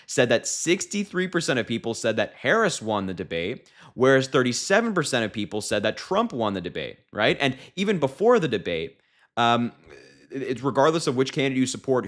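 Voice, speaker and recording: A man giving sarcastic, incredulous political commentary and mocking what he has just played. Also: mid-range voice.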